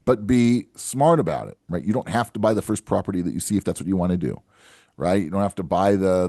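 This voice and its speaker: Man, very low voice, financial advisor host, coaching tone, dry close sound. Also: dark tone, no echo. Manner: earnest and coaching, tags lines with "right?" and "okay?". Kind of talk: solo podcast talk to camera.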